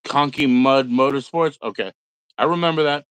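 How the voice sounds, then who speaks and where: A man's voice: mid-range voice, moderate pace, a bit bright, clear, resonant tone, no room sound, rough recording. A middle-aged man hosting a casual livestream, rambling and swearing, mocking other people in put-on voices. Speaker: livestream host.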